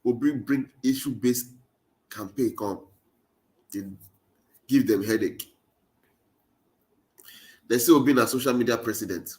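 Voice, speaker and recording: A man's voice: medium pitch, measured pace, long pauses, a little mellow. A man with a Nigerian Pidgin accent giving an impassioned political monologue, urging his listeners with repeated rallying phrases. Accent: Nigerian Pidgin English. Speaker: political commentator.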